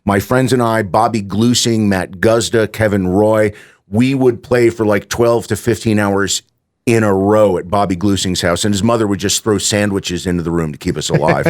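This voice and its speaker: Lively storytelling man, low voice. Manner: animated storyteller, quick asides, laughs often. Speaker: radio guest host. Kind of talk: casual radio chat. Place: radio studio. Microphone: studio microphone.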